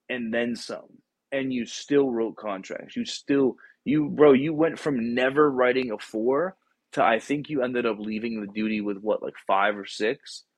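A man's voice: medium pitch, slightly rough, no echo. A man who hosts a casual chat, a former Marine recruiter telling rambling, profane stories to his guest.

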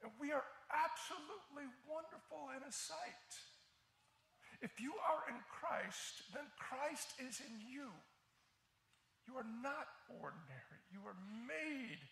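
A man preaching a sermon with passion, dropping to quiet lines and rising to shouted peaks. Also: very high-pitched, animated, measured pace, creaky, roomy sound. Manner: impassioned, swings between quiet and shouted peaks.

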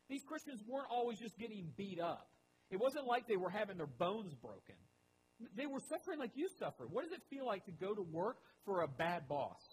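A man preaching a sermon as pastor, with animated emphasis that rises and drops. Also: sits high, slight background noise, poor audio.

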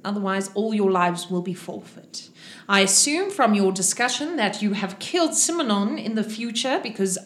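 A haughty, cold sorceress looks down on everyone around her, as a woman game master puts her on. Her low, slow delivery drips with condescension, in a roomy echo. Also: lively intonation, slight background noise, natural voice. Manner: imperious and condescending.

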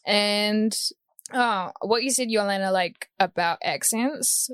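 A woman's voice: mid-range voice, slow, fairly bright tone, clear, resonant tone, no echo. A woman in her twenties with a New Zealand accent, co-hosting a podcast, telling stories in a rambling, hesitant way. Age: 20s. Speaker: podcast co-host. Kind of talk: casual chat.

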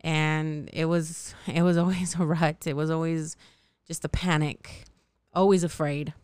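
A woman's voice: sits low, flat delivery, measured pace, a little mellow, clear, resonant tone, no room sound. A woman in her thirties hosting a candid solo podcast, blunt and profane, laughing often at herself, her throat a little sore. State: slightly sore, scratchy throat. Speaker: podcast host.

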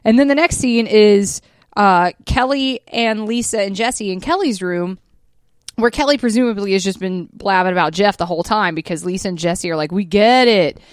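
A woman co-hosting a podcast in casual, chatty talk, swearing freely and breaking into quick asides. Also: medium pitch, clear, resonant tone, no echo, clean studio sound. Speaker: podcast co-host. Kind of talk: casual chat.

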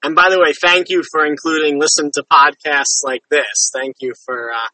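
A man hosts a podcast in a friendly, rambling way, often apologizing and circling back. His voice is fairly high and very bright. He sounds a bit far from the mic in a dry room. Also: fairly even intonation, moderate pace, dry recording. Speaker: podcast host. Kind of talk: casual interview chat.

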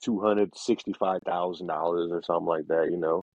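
A man's voice: deep voice, steady tone, fairly quick, darkish tone, no room sound, highs cut off. A man in laid-back, slangy casual chat on a podcast. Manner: laid-back slangy talk with repeated fillers. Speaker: podcast co-host.

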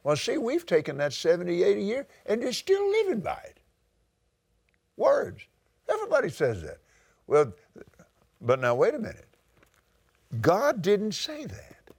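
A man's voice: sits high, huge pitch swings, unhurried, creaky, long pauses, husky, no echo. An older man with a Southern US accent, preaching a sermon and reading scripture aloud with dramatic swings in his voice.

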